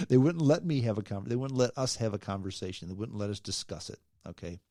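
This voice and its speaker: A man hosting his own podcast, delivering an emphatic, animated opinion rant and tagging his points with "okay?". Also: mid-range voice, brisk, no room sound, studio quality. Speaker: podcast host.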